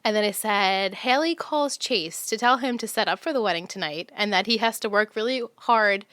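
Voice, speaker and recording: Podcast co-host, woman, conversational, reads from her notes with easy laughs; smooth tone, dry room. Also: medium pitch, normal speed, a bit bright, no room sound. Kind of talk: casual chat about a TV show.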